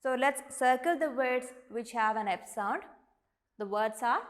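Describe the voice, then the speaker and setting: A woman teacher with an Indian English accent, giving an online lesson and sounding out each word slowly and deliberately. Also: fairly high pitch, animated, fairly bright tone. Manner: slow, deliberate, models each word aloud.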